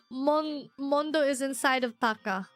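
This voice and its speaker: A young woman streaming a first playthrough of a game, excitable and quick to squeal and laugh. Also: high-pitched. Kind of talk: live game playthrough commentary.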